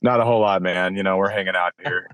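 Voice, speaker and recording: A man's voice: deep voice, steady tone, fast talker, fairly bright tone, no room sound. Laid-back man calling in from his car. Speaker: podcast co-host calling in. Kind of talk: casual podcast chat.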